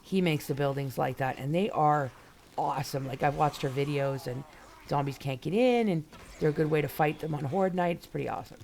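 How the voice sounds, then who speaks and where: Gravelly-voiced woman chatting on a game stream. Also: sits low, a little fast, darkish tone, a little hiss or hum. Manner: chatty, rambling, greets viewers by name. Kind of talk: casual live-stream chat while playing.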